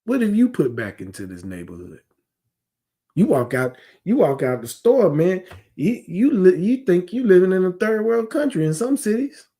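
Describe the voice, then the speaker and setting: Animated male scripture teacher. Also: sits high, moderate pace. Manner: conversational, rhetorical questions; heated, digressive. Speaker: religious class teacher.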